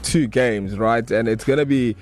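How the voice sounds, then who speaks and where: A male radio co-host with an ordinary, mid-range voice. He talks in a relaxed, modest way. His tone stays casual and agreeable. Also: mid-range voice, normal speed. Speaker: radio co-host and sports commentator.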